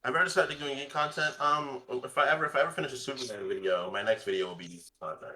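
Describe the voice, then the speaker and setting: A man's voice: mid-range voice, fast talker, sharp tone. A man in casual chat while gaming, teasing his friends with mock-menacing banter.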